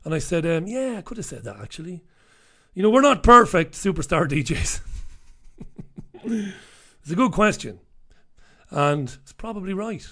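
A man runs a casual talk radio monologue, his voice sitting a little higher than most men's. He is sardonic and offhand and chuckles between asides. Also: sharp tone. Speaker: radio show host.

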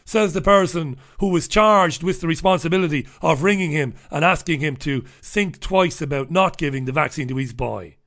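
Profane, ranting Irish radio host. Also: male voice, fairly high pitch, moderate pace, few pauses, fairly bright tone. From Ireland. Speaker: radio talk show host. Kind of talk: opinionated talk radio monologue.

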